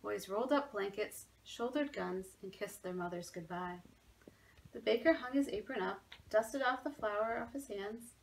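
A woman's voice: medium pitch, normal speed, gravelly, rough recording. A woman, a museum education manager, reading a children's story aloud expressively from her home.

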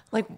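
A woman co-hosting a podcast in casual chat, rambling through stories, laughing often and swearing freely. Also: darkish tone. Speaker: podcast co-host.

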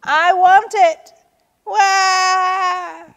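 A woman voicing a young female turtle throwing a screaming tantrum, with high wailing demands. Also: steady tone, extremely slow, fairly bright tone, heavily acted.

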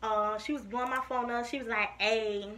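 A woman's voice: fairly high pitch, fast talker. A young woman, casually telling a story to her viewers and often calling them "y'all". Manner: chatty, animated, addresses viewers as y'all. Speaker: storytime vlogger.

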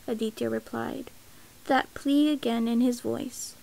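A woman narrating a novel aloud in a steady, even storytelling voice. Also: a little high, measured pace, gravelly, low-quality recording. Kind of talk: audiobook reading of a novel.

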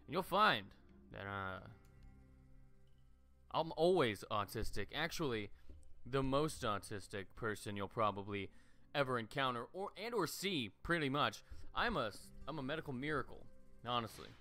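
A man's voice: mid-range voice, animated, normal speed, bright, forceful tone, soft background music. A young man giving joking, profane gameplay commentary into a desk mic on a stand, with sudden shrieking outbursts. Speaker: gaming streamer.

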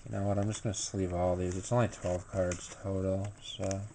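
Man, sleepy, low voice, slow, faint background hiss. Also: level tone, mellow. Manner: low-key, unhurried commentary with filler words. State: tired and sleepy. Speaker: YouTuber opening a card pack. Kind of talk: casual unboxing vlog.

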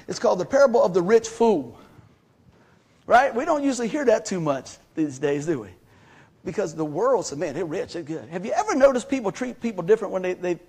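A husky-voiced man preaches with a drawl, his voice sitting fairly high for a man. He tells stories in a folksy, animated way and acts out both sides of everyday conversations. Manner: folksy, animated storytelling with acted-out dialogue. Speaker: pastor. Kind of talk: sermon.

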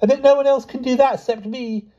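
A man's voice: very high voice, fairly even intonation, quick pace, warm tone, dull audio, pitched above the performer's own voice. A man voicing a young schoolboy who stammers shyly in a raised voice. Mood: boastful. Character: young schoolboy, excited and sheepish.

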